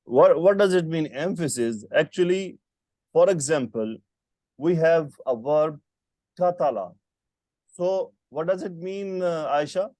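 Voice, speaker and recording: A man's voice: fairly high pitch, lively intonation, a little slow, warm tone, no room sound. A man teaching Arabic grammar in an online lesson, patiently quizzing his student with short questions over a call. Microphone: computer mic on a video call.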